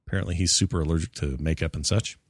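A man hosting a casual movie chat, joking and animated, with silly put-on voices when he quotes people. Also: a bass voice, very fast, no echo.

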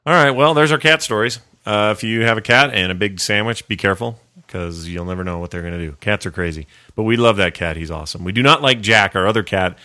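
A man's voice: lowish voice, sharp tone, no room sound, studio quality. A man co-hosting a podcast in casual chat, joking, rambling and laughing often. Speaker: podcast co-host.

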